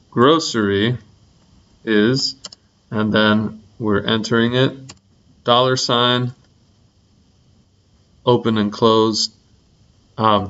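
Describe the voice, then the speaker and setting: A young man teaching a programming lesson in a relaxed, rambling way, full of ums and likes. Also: mid-range voice, highs cut off. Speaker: coding instructor.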